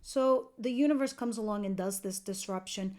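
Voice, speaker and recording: A woman's voice: medium pitch, moderate pace, a little mellow. A woman giving a tarot reading to camera, chatty and earnest, talking straight to her viewers, a bit tired and yawning. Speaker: tarot reader.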